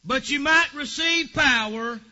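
A man preaching a fervent Pentecostal sermon, swinging from quiet asides to shouted praise. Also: extremely high pitch, a little slow, muffled recording.

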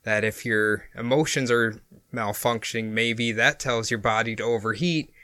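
A man with a bright, forward voice co-hosts a casual podcast. He reads from his notes in a relaxed way and often breaks into small chuckles mid-sentence. The sound is dry and close, with no room around it. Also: mid-range voice, moderate pace, no room sound. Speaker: podcast co-host presenting the topic. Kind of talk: casual chat mixed with reading notes aloud.

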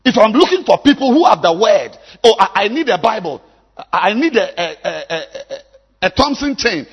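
A man, preaching a sermon as a pastor, swinging from low musing to loud exhortation. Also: sing-song, normal speed, breathy edge, highs cut off. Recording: long hall reverb.

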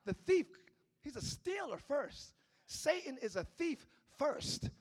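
A male pastor preaching a sermon in church, swinging between shouted lines and low, quiet passages. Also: sing-song, normal speed. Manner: preaching with call-outs, shifting between shouting and low tones. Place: church sanctuary.

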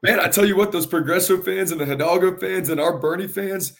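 A man, a high school soccer coach in a casual interview, with a gravelly, carrying voice and an earnest, halting way of repeating words.

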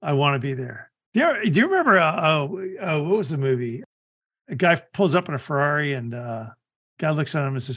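Middle-aged podcast host, slightly high voice. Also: male voice, animated, fairly quick, a bit bright. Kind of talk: casual chat.

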